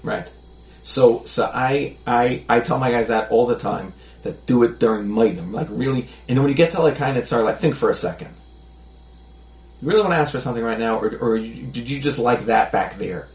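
A man's voice: mid-range voice, a little fast. A man talking as a podcast guest in casual chat, reflective and rambling with lots of restarts. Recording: echoey room.

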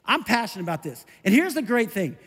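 A middle-aged male pastor preaching a conversational, animated sermon. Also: sits high, fast, slightly rough, in a large hall. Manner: conversational, animated, self-interrupting with laughs.

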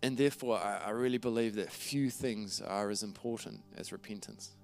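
A pastor preaches earnestly and conversationally, reading scripture aloud and often restarting his phrases. His voice is lowish, creaky and darkish at a moderate pace, with soft music in the background.

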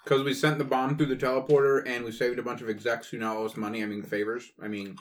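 A man's voice: mid-range voice, little pitch movement, fast. A man playing in a tabletop game, joking around with the group. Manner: joking, playful. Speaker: player. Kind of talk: casual tabletop game chat.

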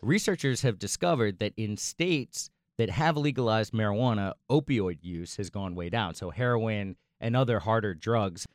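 A man's voice: on the low side, moderate pace, few pauses, no room sound. A young man co-hosting a podcast, bantering in a dry, self-deprecating way. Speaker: podcast co-host. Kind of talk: casual comedic chat.

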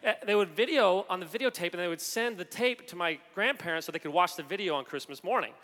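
A man, an executive coach, giving a joking, animated conference talk and addressing the audience directly. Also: high voice, fast. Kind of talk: energetic humorous stage talk. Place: large hall on a conference main stage. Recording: long hall reverb.

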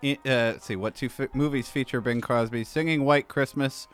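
A man reading trivia questions on a podcast in a relaxed, dry way. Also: mid-range voice, fairly quick, smooth, soft background music.

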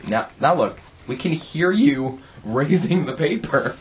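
A man's voice: medium pitch, animated, a little slow, hardly any pauses, a little hiss or hum. A young man hosting a casual college radio show, telling rambling stories with lots of fillers. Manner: rambling, chatty storyteller with many fillers.

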